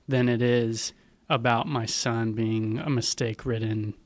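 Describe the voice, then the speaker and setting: A young podcast host and father of young kids speaks in a medium-pitched voice with fairly even intonation, a little slowly, with no room sound. His conversational interview is thoughtful, earnest, and reflective.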